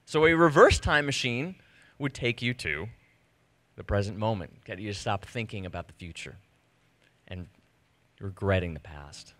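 A man in his thirties telling a personal story to a live audience, animated and self-deprecating, acting out the conversations he recounts. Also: medium pitch, no echo. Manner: animated, self-deprecating, acts out quoted exchanges. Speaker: speaker giving a personal talk. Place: stage before an audience.

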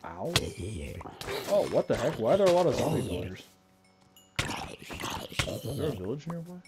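A man's voice: medium pitch, very animated, normal speed, noisy background. A young man casually chatting while playing a game with a friend, rambling, repeating words and swearing lightly. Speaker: gamer co-player. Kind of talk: casual gaming chat.

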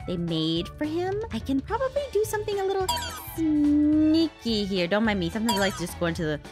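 A woman's voice: high-pitched, sing-song, brisk, music in the background. A woman voicing a mischievous, bratty little girl kitten in a Minecraft role-play, meowing a lot and scheming. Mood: sneaky. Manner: meows constantly, gleeful and sneaky.

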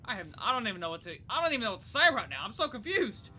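A young woman gaming YouTuber giving excitable, chatty let's play commentary. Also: a little high, racing, faint music behind. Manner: excitable, chatty, reacts out loud.

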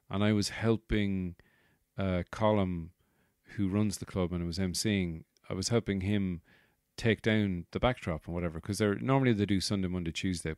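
A man's voice: sits low, darkish tone, dry recording, clean studio sound. An Irish man in his thirties, a comedian hosting his podcast, rambling casually with exasperated, sweary asides.

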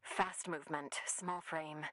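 An actress playing a female scientist stranded on an alien world, logging her findings in a calm, measured way. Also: low voice. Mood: calm, focused. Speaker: game protagonist.

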